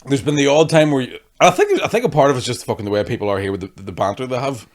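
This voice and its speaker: Fast-talking man. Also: medium pitch. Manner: swears constantly, acts out hecklers in animated storytelling. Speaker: comedian guest. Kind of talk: casual podcast chat.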